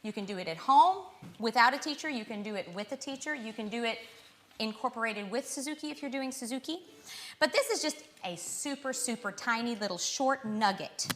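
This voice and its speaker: Bright high-voiced woman teaching violin. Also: lively intonation, a little fast, echoey room. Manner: encouraging, coaxing questions to children. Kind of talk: live children's violin lesson.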